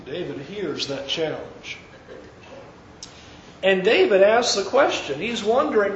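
A man preaching, retelling a story with lively, acted-out dialogue. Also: very high-pitched, unhurried, roomy sound, muffled recording. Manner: animated retelling, acting out quoted characters. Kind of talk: sermon storytelling.

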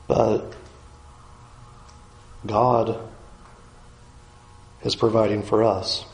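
A man preaching a sermon, rising loud on emphasis and dropping low and quiet to drive points home. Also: echoey room. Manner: swings from loud rising emphasis to low quiet pleading, slows on key words.

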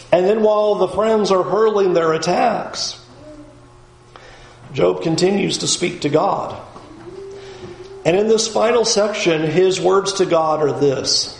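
A man's voice: sits high, measured pace, echoey room, poor audio. A man teaching a Bible study in an earnest, conversational way.

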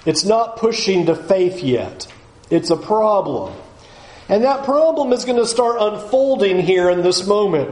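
A man with a high-pitched voice preaches a sermon in a casual, joking way, slipping into little acted-out voices as he talks. The room around him rings with echo. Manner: conversational, acts out quoted voices with humor. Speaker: pastor.

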